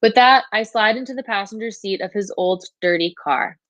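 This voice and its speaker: A woman's voice: mid-range voice, normal speed, a bit bright, no room sound, muffled recording. A woman teacher reading a novel aloud to her class, narrating steadily in the first person.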